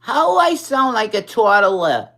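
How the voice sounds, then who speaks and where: A New York drag performer in their forties rambles profanely on a casual livestream, their bright, mid-range voice swinging widely in pitch at a slightly slow pace. A mild speech impediment runs through the talk, which occasionally becomes childlike.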